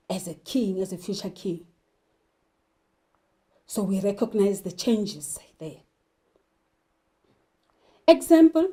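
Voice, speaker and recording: A woman's voice: mid-range voice, mellow, rough recording. A woman teaching a literature lesson, talking emphatically and putting questions to her learners. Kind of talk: televised classroom lesson.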